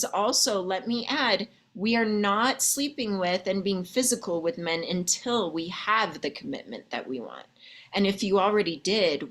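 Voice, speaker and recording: A woman's voice: fairly low pitch, fairly bright tone. A woman love coach talking to her viewers in a chatty way, with many "okay?" and "like" asides and calling them ladies, honey and babe.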